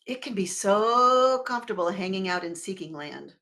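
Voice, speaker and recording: A woman minister giving a sermon in a conversational, expressive way, swelling and dropping her volume and leading the congregation in repeating words together. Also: mid-range voice, moderate pace. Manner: expressive with sudden swells and drops in loudness.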